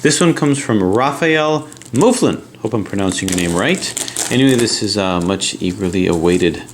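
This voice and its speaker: Chatty American man, lowish voice. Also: expressive, moderate pace, noisy background. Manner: chatty, talks while handling puzzles. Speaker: puzzle channel host. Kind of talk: casual tutorial and unboxing.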